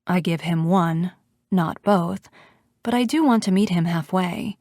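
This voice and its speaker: A woman narrating a first-person romance audiobook in an expressive, intimate way. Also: on the low side, unhurried, no echo, clean studio sound.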